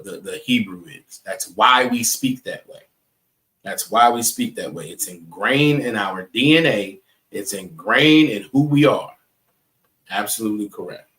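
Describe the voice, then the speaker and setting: Male class instructor, mid-pitched, emphatic, repetitive, talks straight to the stream chat. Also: a bit bright. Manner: emphatic, repeats points, asks "right?" often; addresses chat viewers directly. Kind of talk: live online class lecture.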